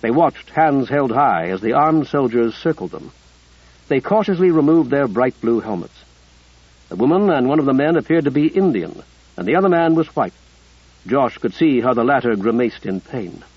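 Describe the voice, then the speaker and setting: A man narrating an audiobook in a measured, even storytelling manner. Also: medium pitch, breathy edge, dry recording, highs cut off.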